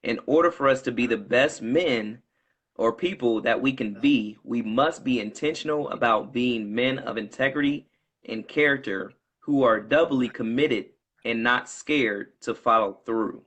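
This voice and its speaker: A man hosts a casual interview, steadily encouraging his guest and agreeing often. His voice sits in a middle pitch. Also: unhurried, fairly bright tone, lo-fi sound. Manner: encouraging, frequent affirmations. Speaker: interview host, company CEO.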